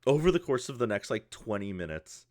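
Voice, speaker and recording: A man's voice: fairly low pitch, sing-song, a little fast. A man narrating as game master in a tabletop role-playing game, rambling descriptions full of fillers. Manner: rambling, many fillers and restarts.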